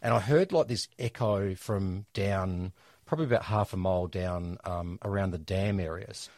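A middle-aged Australian man telling funny family stories in a casual, animated way. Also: low-pitched, normal speed, dry recording, studio quality. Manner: animated, jokey storyteller. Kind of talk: casual storytelling chat.

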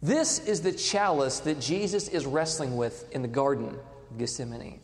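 A man preaching a sermon, dramatic, dropping to hushed tones and rising again. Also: a little high, normal speed. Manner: dramatic, swings between loud and hushed. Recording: long hall reverb.

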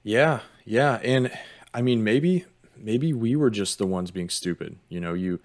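A man's voice: lowish voice, measured pace, darkish tone. A man co-hosting a casual podcast, easygoing and agreeable, getting hyped about films. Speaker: podcast co-host. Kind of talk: casual chat.

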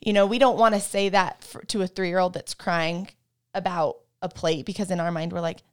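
A woman's voice: fairly low pitch, fairly even intonation, normal speed, clean tone. A woman guest explaining parenting with a faith angle, easygoing and affirming, with frequent agreeing murmurs. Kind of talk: casual faith-based parenting chat.

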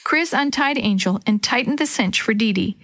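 A woman reading a children's storybook aloud in a gentle, even narration. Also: a little high, normal speed.

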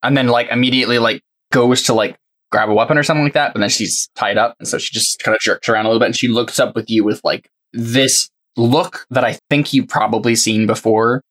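A man's voice: medium pitch, fairly even intonation, a little fast, fairly bright tone. A man running a tabletop game as game master, narrating in an easygoing, loose way.

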